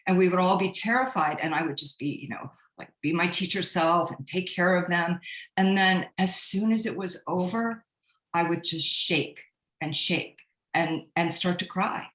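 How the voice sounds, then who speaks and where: A woman council member speaks at a public meeting over a call. Her voice sits a little low and comes through an echoey room. She talks in an emotional, halting way and often restarts her sentences. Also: fairly bright tone.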